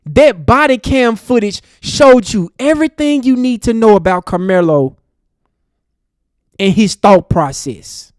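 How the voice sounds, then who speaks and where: A man's voice: sits high, expressive, measured pace, no room sound. Angry ranting male commentator, dry close sound. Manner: angry, ranting, addresses the speaker directly. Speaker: commentary host. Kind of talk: heated commentary monologue.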